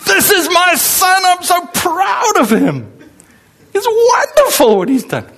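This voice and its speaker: A man's voice: slow pace, full character voice. A man voicing a poor old rural father who cheers with joy and pride for his son. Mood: jubilant. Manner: cheering, high and excited.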